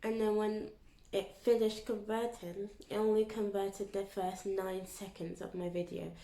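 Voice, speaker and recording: A young woman chatting casually to her vlog audience in an animated, storytelling way. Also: medium pitch, measured pace. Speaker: YouTuber. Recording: echoey room.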